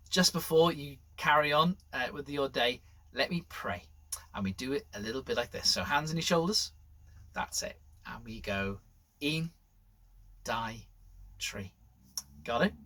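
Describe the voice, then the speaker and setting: A man presenting a school assembly, telling a story to children in an animated way that drops to whispers. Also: mid-range voice.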